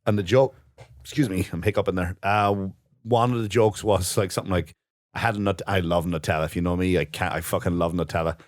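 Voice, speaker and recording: A man's voice: sits low, fast talker, no room sound. Guy cohosting a comedy podcast, laughing through his stories, dry close mic. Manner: laughing, animated storytelling. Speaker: podcast co-host. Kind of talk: crude casual comedy chat.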